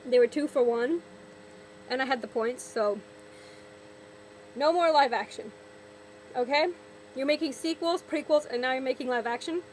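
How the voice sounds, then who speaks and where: A woman's voice: high voice, moderate pace, pauses often, a little mellow, a little hiss or hum, poor audio. A young woman vlogger ranting sarcastically, exasperated, often repeating and restarting her words. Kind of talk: ranting vlog commentary.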